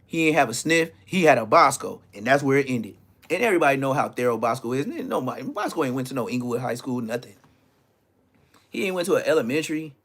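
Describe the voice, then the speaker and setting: A man telling a story in an animated way, full of profane street slang. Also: medium pitch, fast talker. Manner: profane slang, acts out others' lines.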